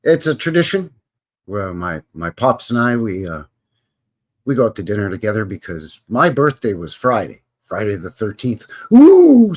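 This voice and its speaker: A husky-voiced man in his fifties chats on a live stream. He rambles and jokes, his pitch rising and falling in a lively way. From Canada. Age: 50s. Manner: joking, rambling, drops into silly voices. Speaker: host. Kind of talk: casual live-stream chat.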